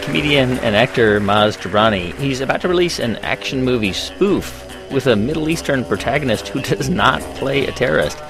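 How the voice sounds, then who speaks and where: Gravelly male interviewer over music. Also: mid-range voice, animated, a crowd in the background. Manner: halting, restarts his questions. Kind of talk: interview questions and outro.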